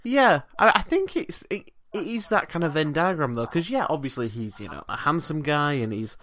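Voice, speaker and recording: A man's voice: fairly high pitch, lively intonation, normal speed, bright, forceful tone. Rambling man co-hosting a podcast. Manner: rambling, restarts a lot, laughs along. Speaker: podcast co-host. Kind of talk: casual podcast chat.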